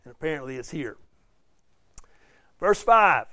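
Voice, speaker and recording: A man leads a Bible study in a chatty, questioning way, acting out the lines he reads. His voice sits a little high and sounds dry and close, with no room around it. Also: animated, a little fast, pauses often, a bit bright, no echo. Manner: conversational, asks the class questions, acts out quotes. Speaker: Bible teacher. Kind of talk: interactive Bible study teaching.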